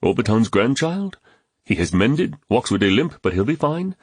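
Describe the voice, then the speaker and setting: A man's voice: mid-range voice, very animated, normal speed, breathy edge, dry recording, voice pushed up. Man doing a nervous loyal henchman in an audiobook, polite and careful, dry sound. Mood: deferential. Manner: careful, respectful. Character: loyal, deferential male henchman.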